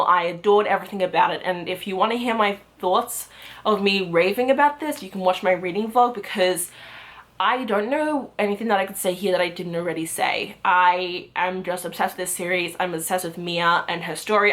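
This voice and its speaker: A woman's voice: mid-range voice, a little fast. Gushing young woman reviewing books. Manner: gushing, animated, swings into loud excited squeals. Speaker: book vlogger. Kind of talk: casual monthly book wrap-up.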